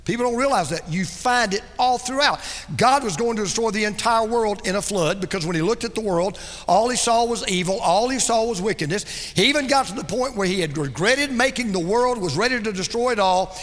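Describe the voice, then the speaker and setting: High, bright-voiced preacher man in a hall. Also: lively intonation, a little fast. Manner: dramatic preaching that drops soft and low for emphasis. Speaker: pastor. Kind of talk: sermon.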